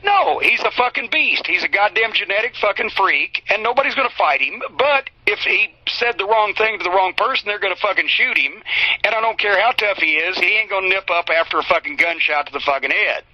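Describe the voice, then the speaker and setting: A man's voice: sits high, animated, fairly quick, no room sound. A man telling a heated, profane story in an interview. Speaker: interview guest. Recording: slightly dull, dry recording.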